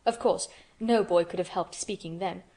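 A woman narrating an audiobook of a classic children's novel in a steady, measured reading. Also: lowish voice. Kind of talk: scripted narration.

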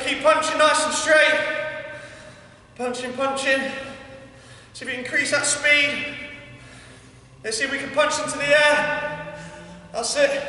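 A PE workout instructor with an English accent and a very high, bright, forceful voice coaches a class, counting down reps and energetically urging listeners on. He is occasionally out of breath, and the mic sits far off in an echoey hall.

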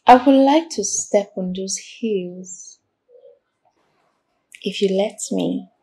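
An actress playing a coy, eager employee, speaking with a Nigerian accent in a slow, flirtatious way in a film drama. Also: female voice, mid-range voice, warm tone, breathy edge.

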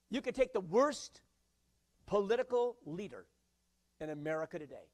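A male pastor delivers a sermon in a high-pitched voice. He preaches in an animated way, swinging between loud, forceful bursts and hushed, quiet lines. He acts out the voices he quotes and jokes with the congregation.

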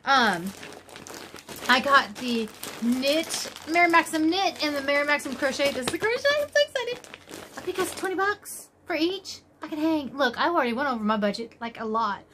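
A woman talks casually to her camera at home, gushing over each thing she finds. Her voice sits high and jumps higher still whenever she gets excited. She sounds a little tired but keeps exclaiming. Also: normal speed, noisy background. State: tired after work. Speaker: crochet vlogger. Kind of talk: casual unboxing chat.

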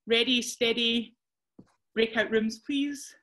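A woman's voice: fairly high pitch, steady tone, slow, a bit bright. A Scottish woman presenting a workshop over a video call, chatty and self-deprecating with frequent restarts.

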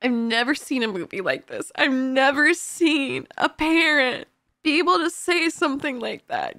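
A high, bright woman's voice reacting to a film on camera. She speaks slowly and effusively, pouring out emotion and filling her sentences with "like". Her tone is casual and open. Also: expressive, no echo, studio quality. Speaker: movie reaction host.

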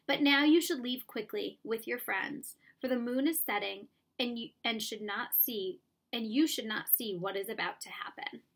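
A woman playing a giant python, calm and commanding, with an edge of danger under it. she keeps the delivery slow and measured, like a quiet threat. it is a storybook read-aloud. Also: a little high. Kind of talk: storybook reading.

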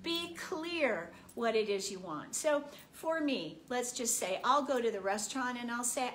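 A woman delivers a spiritual motivational talk with a fairly high voice, taking her time over each phrase. She acts out everyday scenes and laughs often along the way. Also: lively intonation, unhurried, hardly any pauses, a bit bright, slight background noise. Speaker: spiritual speaker.

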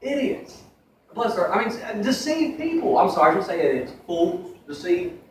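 Heard from a distance in an echoey church sanctuary with slight background noise, a young man delivers a conversational sermon full of asides. His voice is high-pitched with big pitch swings, at normal speed.

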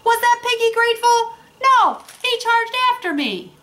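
A woman voicing a male wolf who spins a sly tale, in a high theatrical read-aloud voice. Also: lively intonation, measured pace, pushed and bright, heavily acted. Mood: wounded. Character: male big bad wolf, sly storyteller.

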